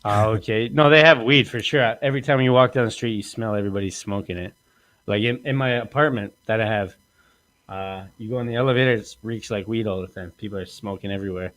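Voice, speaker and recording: A man hosts a loose, crude comedy podcast. He rambles from story to story and swears often. He puts on animated voices when he quotes people. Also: fairly low pitch, fast talker. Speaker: podcast host. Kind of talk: casual crude comedy chat.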